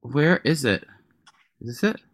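A man co-hosting a casual podcast, gossiping and swearing as he tells wild stories. His voice sits at a middle pitch and sounds dry and close. He keeps his retellings animated. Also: unhurried, dry recording. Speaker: podcast co-host.

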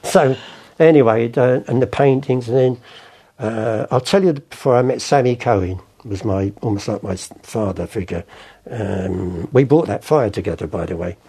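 A man's voice: medium pitch, normal speed, mellow. An older man, telling rambling stories in an interview and acting out the voices of people in them. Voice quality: gravelly. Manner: rambling, acts out voices in anecdotes. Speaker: interviewee, former art forger. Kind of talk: storytelling interview.

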